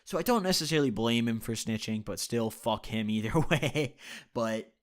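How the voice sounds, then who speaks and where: A man telling a story on his vlog in a casual, profane, rambling way, full of "you know", swinging between loud and quiet. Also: mid-range voice, normal speed. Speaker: YouTube storyteller.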